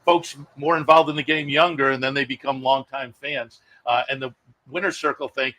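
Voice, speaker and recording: A man hosts a racing show in an easygoing conversational tone, walking through program details. His voice has a bright, forward edge at an ordinary male pitch. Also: steady tone, normal speed, poor audio. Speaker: radio show host. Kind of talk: conversational interview.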